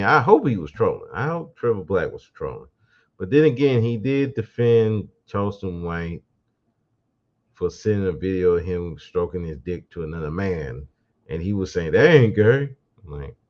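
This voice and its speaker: Male podcast host, low voice with lively swings, sarcastic solo commentary, dull lo-fi sound. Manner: mocking, sarcastic, laughing asides. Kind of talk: casual commentary monologue.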